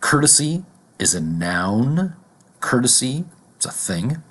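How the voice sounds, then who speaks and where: A man teaching a vocabulary lesson, deliberately repeating each word and its examples. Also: mid-range voice, very animated, fairly bright tone.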